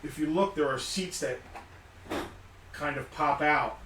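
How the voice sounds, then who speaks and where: A man's voice: on the high side, a little slow. A man casually reviewing a vintage toy on a live show, thinking aloud as he handles it. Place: indoor studio room. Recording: echoey room, distant mic, noisy.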